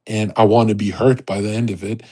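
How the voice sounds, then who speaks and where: A man's voice: lowish voice, level tone, fairly quick, darkish tone. A man giving an intense, rambling motivational monologue in casual chat, often restarting his sentences. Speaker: livestream speaker. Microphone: home microphone on an audio chat space.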